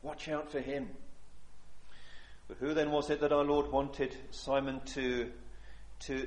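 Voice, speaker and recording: An earnest man preaching, pleading with his listeners and repeating phrases to press them home. His voice sits a little higher than most men's. The sound is roomy and echoey, as in a church hall. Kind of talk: sermon.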